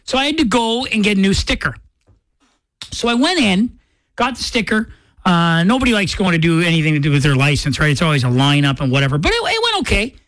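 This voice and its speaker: A man's voice: high-pitched, very animated, brisk, a bit bright, dry recording. Chatty radio host man, dry studio sound. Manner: rambling, self-correcting, chatty. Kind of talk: casual on-air storytelling.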